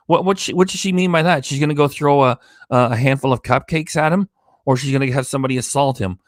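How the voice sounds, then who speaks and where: A man's voice: mid-range voice, fast talker, no room sound, studio quality. Tired, sarcastic man ranting on a stream. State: tired, low energy. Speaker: reaction channel host. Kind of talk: reaction commentary on a live stream. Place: home studio with green screen.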